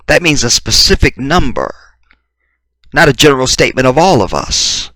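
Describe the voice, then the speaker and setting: A man's voice: medium pitch, animated, normal speed, sharp tone, no room sound. A man giving a combative, profane reaction commentary full of rhetorical questions.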